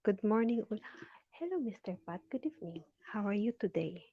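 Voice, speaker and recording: A woman's voice: mid-range voice, expressive, fairly quick, breathy edge, dry recording. A woman from the Philippines hosting a casual live stream, reading out viewers' comments and greeting them by name, with frequent laughter. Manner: chatty, laughs often, reads viewer names aloud. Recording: dull lo-fi sound.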